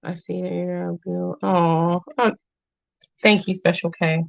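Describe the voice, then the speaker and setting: Speaking slowly in a lowish, creaky voice with a steady tone, this live-stream host in her thirties talks warmly and earnestly with her viewers, drifting from the topic and returning to it. She's emotional and nearly in tears. The audio is dry, dull and lo-fi.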